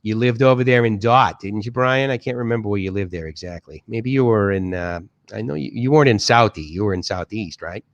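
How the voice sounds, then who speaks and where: A man with a Boston accent talks loosely on his live stream, reading viewers' comments aloud and circling back through fillers and restarts. His voice sits low, and the sound is dry with no room echo. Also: fairly quick, highs cut off. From Boston area, USA. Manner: rambling, many restarts and fillers. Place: home, in Bangkok.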